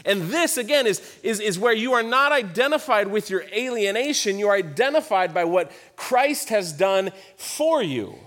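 A man's voice: high voice, animated, normal speed, few pauses, a bit bright. A man in his thirties preaching a sermon, telling a personal story in a conversational way with emphatic repetition. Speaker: pastor.

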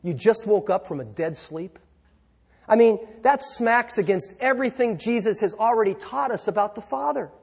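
A pastor preaching a sermon, telling a story in a loose, conversational way with fillers and repeated words. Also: male voice, extremely high pitch, husky. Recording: reverberant church hall.

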